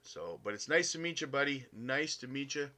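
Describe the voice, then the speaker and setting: A Canadian man talks loosely through a live stream, reading chat and calling everyone buddy. His voice sits at an ordinary pitch but has a bright edge, and he fills gaps with plenty of uhs and ums. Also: expressive, moderate pace. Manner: upbeat, chummy, calls viewers buddy, many uh fillers. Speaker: crypto live stream host.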